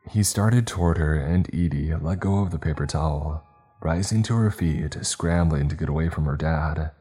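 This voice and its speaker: Very deep-voiced male storyteller. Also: moderate pace, mellow, breathy edge. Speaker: narrator. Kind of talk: storybook narration. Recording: faint background music.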